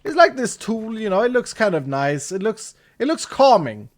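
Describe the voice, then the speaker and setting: A man's voice: high voice, moderate pace. A man in his thirties from Sweden, speaking English as he animatedly tells a story while gaming on a live stream. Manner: animated, with restarts and laughter.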